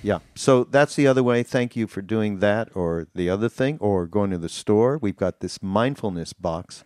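A man hosting a podcast in casual chat. He talks in a rambling, halting way with many fillers. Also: fairly low pitch, lively intonation, darkish tone, no room sound, studio quality. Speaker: podcast host.

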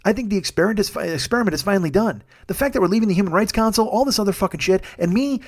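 A man with a high-pitched, darkish voice talks rapid-fire as he hosts a solo comedy podcast. He rants heatedly, swearing constantly, then rambles through thanks to his crew in a self-deprecating way.

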